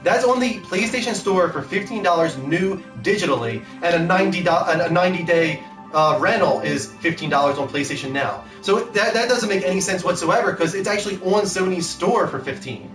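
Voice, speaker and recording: A man's voice: sits high, lively intonation, a little fast, reverberant, music in the background. A man hosting a gaming talk show in casual, upbeat chat, laughing easily. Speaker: podcast host.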